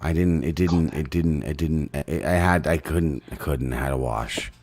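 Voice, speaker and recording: A man co-hosting a podcast, telling crude, rambling stories in a deadpan way. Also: rumbling low, normal speed. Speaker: podcast co-host. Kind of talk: crude comedic banter.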